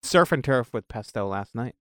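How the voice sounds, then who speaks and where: A man's voice: mid-range voice, lively intonation, normal speed, a bit bright, dry recording, studio quality. A man in a casual podcast chat, hesitant and searching for words.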